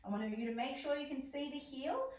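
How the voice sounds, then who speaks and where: A high-voiced woman coaches a stretch class, counting reps aloud and calling out cues with steady encouragement. Her voice rings through a very echoey room, caught from a distance. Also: fairly quick. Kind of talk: guided exercise class instruction. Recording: roomy echo, voice from far off.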